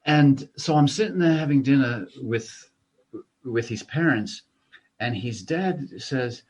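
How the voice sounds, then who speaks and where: Australian man telling animated stories. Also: medium pitch, measured pace. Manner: animated anecdotes with laughter. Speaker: comedian guest. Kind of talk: casual storytelling interview.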